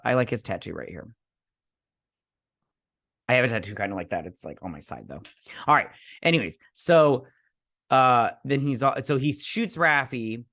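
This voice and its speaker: A man giving a casual, rambling recap of a TV episode, chatty, with halting restarts. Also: mid-range voice, animated, vocal fry, fairly bright tone. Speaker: show recap vlogger.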